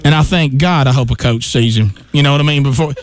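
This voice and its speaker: A man hosting a talk radio show, telling an animated story and acting out his own shouts. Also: medium pitch, quick pace.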